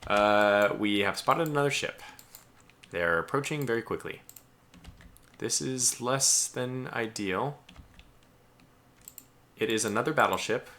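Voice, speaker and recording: A man giving live gameplay commentary as a streamer, chatty and excitable, talking aloud to the ships he commands. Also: medium pitch, measured pace, long pauses.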